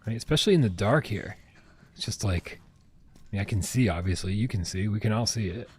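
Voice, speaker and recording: A man's voice: lowish voice, brisk, a little mellow, slightly rough. A man streaming a video game, chatting casually and reading on-screen text aloud. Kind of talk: casual gameplay commentary.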